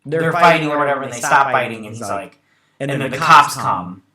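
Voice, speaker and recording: A man's voice: mid-range voice, brisk, echoey room. Guy rambling thru an episode recap, um and uh everywhere, crowd noise behind. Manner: rambling, many fillers and restarts. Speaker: show host. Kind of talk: casual episode recap review.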